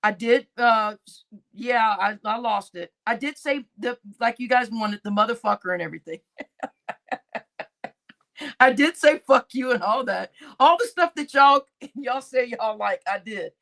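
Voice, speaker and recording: An unhurried adult woman with a voice on the high side hosts a casual stream, chatting with viewers. She's animated, laughing often, swearing as she reads comments, and referring to her chat as "y'all."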